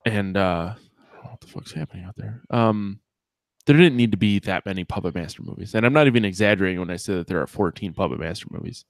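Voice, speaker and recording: A man's voice: fairly low pitch, quick pace, no room sound, studio quality. A man co-hosting a podcast, talking in a crude, joking, rambling way. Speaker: podcast co-host. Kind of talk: casual chat.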